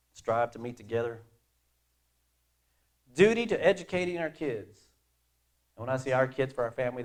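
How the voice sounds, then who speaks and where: With a voice in the middle range, a middle-aged preacher leads his sermon in an animated, chatty style, alternating forceful emphasis with soft side remarks.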